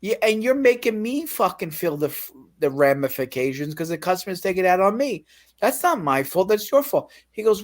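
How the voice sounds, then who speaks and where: A man's voice: high-pitched, big pitch swings, brisk. Profane, ranting man telling a story. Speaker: guest telling his story. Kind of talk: casual chat.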